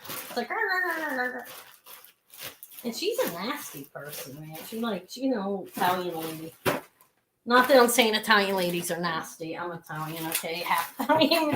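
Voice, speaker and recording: Over a noisy background, a woman selling jewelry live rambles casually, drifting into asides and side stories as she presents each item. Her voice is medium in pitch, with big pitch swings and a moderate pace.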